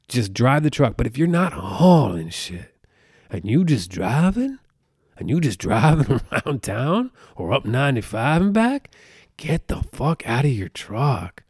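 A man's voice: medium pitch, big pitch swings, measured pace, a little mellow, dry recording, studio quality. A man in his thirties from the United States hosting a podcast, ranting casually in a profane, rambling, exasperated way. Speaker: podcast host.

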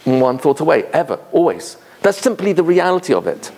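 A man in his fifties preaching a Torah lesson with a fairly high voice. He builds to impassioned, emphatic peaks, then drops into a musing storyteller's tone full of fillers and restarts. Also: big pitch swings, fairly quick, a little mellow. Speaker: Torah speaker. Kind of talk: sermon.

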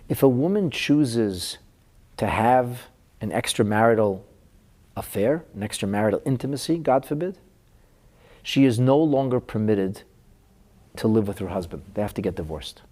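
A man's voice: fairly low pitch, expressive, normal speed, pauses often, mellow. A middle-aged man teaching a Talmud class as a rabbi, telling a painful counseling story in an earnest, emotional way.

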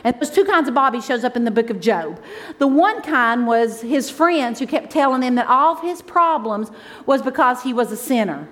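High-voiced woman preaching warmly. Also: expressive, normal speed. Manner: emotional, conversational preaching, swings from loud exclaims to soft asides. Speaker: pastor's wife preaching. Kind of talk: sermon.

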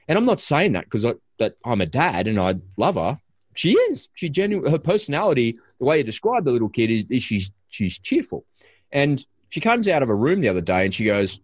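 A man hosting a podcast, telling a story about his family in a casual, animated way with many restarts. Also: medium pitch, a little fast, no room sound, lo-fi sound. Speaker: podcast host and father.

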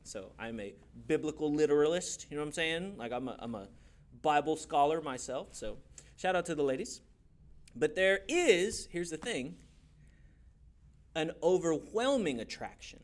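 A man teaching a church youth class in a playful, animated way, often laughing and acting out quick voices. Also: on the high side. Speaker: youth pastor.

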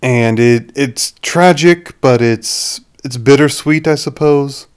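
A man's voice: mid-range voice, slow pace, smooth. A young man hosting a podcast, rambling through a casual movie review with frequent restarts. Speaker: podcast host.

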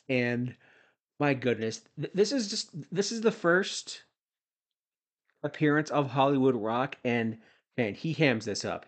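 A man from Canada in his forties, hosting a podcast and recapping old wrestling episodes in a rambling way, with jokey asides and shout-outs. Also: medium pitch. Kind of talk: casual recap commentary.

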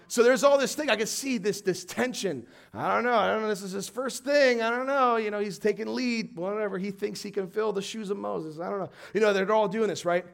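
A man preaching a sermon, animated and storytelling, swinging from quiet reading to shouted emphasis. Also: sits high, fairly quick, gravelly, hardly any pauses.

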